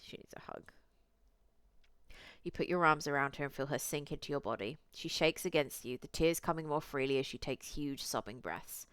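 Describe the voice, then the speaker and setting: A woman's voice: sits low, a little fast, a bit bright, smooth, no room sound. A young woman streamer reading a visual novel aloud, with chatty, cursing asides to her chat.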